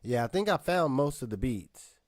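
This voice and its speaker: A man, co-host and rapper, chatting on a live video call in a rambling, halting, easygoing way. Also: mid-range voice, big pitch swings, no echo, clean studio sound. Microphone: webcam video call.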